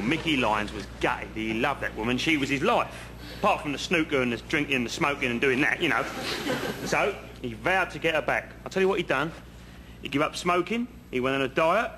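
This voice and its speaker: An actor playing a working-class house painter who spins long pointless anecdotes in an earnest, chatty way, outdoors. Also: male voice, fairly high pitch, noisy background, lightly acted. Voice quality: chatty, earnest storyteller, leading asides. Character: rambling working-class male painter spinning pointless yarns. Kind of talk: comedy sketch acting. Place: outdoors on a bridge.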